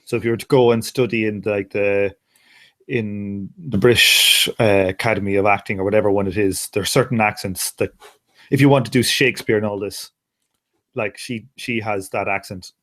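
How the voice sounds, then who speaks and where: A man's voice: on the low side, fairly even intonation, normal speed, a bit bright. A man from Ireland with a Dublin Irish accent, chatting casually as a guest and rambling with many restarts and fillers. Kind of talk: casual chat.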